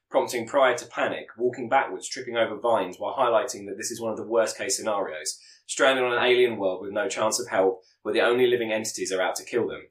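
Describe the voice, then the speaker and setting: A man hosting a podcast, recapping a story's plot in a steady storytelling delivery with the odd self-correction. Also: lowish voice. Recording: roomy echo.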